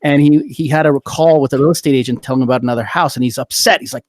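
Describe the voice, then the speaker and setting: A man's voice: mid-range voice, rapid-fire, darkish tone, a little hiss or hum. A middle-aged man hosting a casual political chat, rambling and swearing heatedly as he tells stories. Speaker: podcast host.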